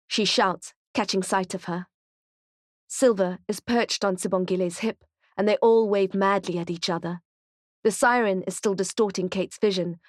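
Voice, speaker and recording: A woman's voice: medium pitch, dry recording. Woman narrating a thriller audiobook, dry. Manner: tense, steady storytelling in present tense.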